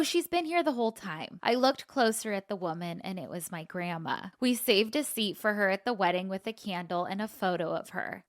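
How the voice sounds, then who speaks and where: A woman's voice: medium pitch, a bit bright, no echo, clean studio sound. A woman co-hosting a casual podcast, reading a listener's email aloud and laughing easily. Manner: laughs easily, gets choked up. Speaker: podcast co-host.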